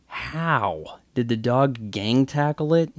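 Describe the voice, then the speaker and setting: A man's voice: mid-range voice, animated, takes it slowly, no echo. A man giving casual movie commentary with chatty, wry asides. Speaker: film commentator.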